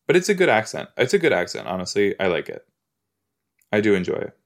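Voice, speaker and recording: A man's voice: lowish voice, huge pitch swings, fast, gravelly. A man hosting a podcast, casually reacting while he watches a TV episode. He rambles, fills his talk with "like" and "you know", and repeats his exclamations. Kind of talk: casual watch-along chat.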